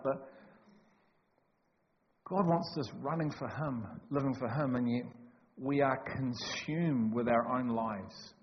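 A man preaching a sermon in a church hall, emphatic and joking, swinging from loud to hushed. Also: medium pitch. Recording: echoey hall, dull lo-fi sound, faint noise.

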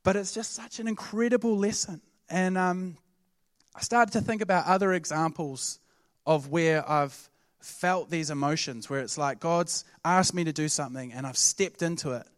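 A man gives a conversational, animated sermon to his church. His voice sits high for a man, and the sound is dry and close, with no room around it. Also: normal speed, no room sound. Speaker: pastor.

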